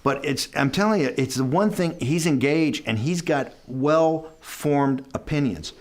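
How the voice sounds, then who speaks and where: A man's voice: fairly high pitch, measured pace, a little mellow. A man who is an interview guest, telling a story in casual, rambling speech that often breaks off and restarts and acts out other people's lines. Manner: quotes others in dialogue.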